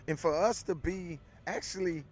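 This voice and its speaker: A man's voice: high voice, moderate pace. A man with a Texas accent co-hosting a casual outdoor livestream, hyped and repeating his phrases. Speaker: livestream co-host. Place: outdoor tailgate area beside a stadium.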